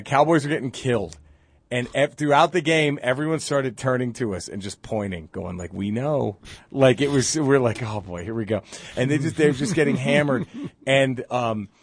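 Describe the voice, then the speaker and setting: A man, a comedian guest on a sports radio show, telling a story in an animated way and loudly mimicking rowdy fans, recorded on a close studio mic. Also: mid-range voice, no echo. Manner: excitable, shouts when quoting hostile fans.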